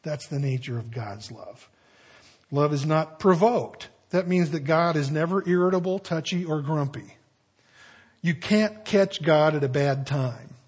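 Older male pastor, husky voice pitched a bit high, folksy conversational sermon delivery. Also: unhurried. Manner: folksy storytelling with conversational asides.

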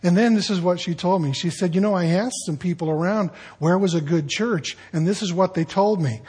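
A man's voice: high voice, a little fast, slightly rough. A middle-aged man preaching a sermon as pastor, telling stories in a conversational way and acting out other people's lines. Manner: conversational storytelling, animated quoting of others. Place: church sanctuary.

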